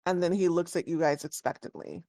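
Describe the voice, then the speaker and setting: A woman's voice: fairly low pitch, brisk, dry recording, clean studio sound. A woman narrating as game master in a casual tabletop session, talking loosely with frequent filler words. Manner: casual, relaxed, many fillers.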